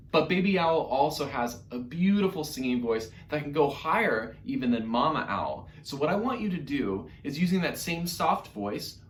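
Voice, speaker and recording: A man's voice: fairly high pitch, animated, normal speed, hardly any pauses, a little hiss or hum. A man teaching an online music lesson to young children, upbeat and encouraging as he speaks straight to the kids. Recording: roomy echo with faint music.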